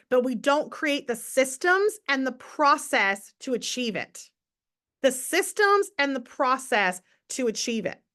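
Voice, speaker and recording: Upbeat bright-voiced woman motivating her team. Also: high voice. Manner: upbeat and enthusiastic, chatting to viewers in comments; emphatic repetition for motivation. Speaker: network marketing team leader. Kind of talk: live motivational morning call.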